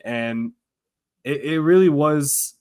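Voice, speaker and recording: A young man co-hosting a podcast in a relaxed casual chat, laughing often. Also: a little high, slow, smooth. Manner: laid-back, laughs often, says "man" a lot. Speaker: podcast co-host.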